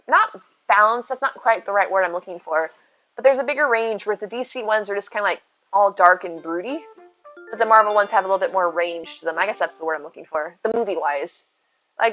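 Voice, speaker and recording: A woman's voice: mid-range voice, pushed and bright. Chatty woman streamer, slightly muffled. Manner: chatty, thinks aloud, answers chat. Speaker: game streamer. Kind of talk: casual live-stream chat while gaming. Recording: slightly muffled with faint game music.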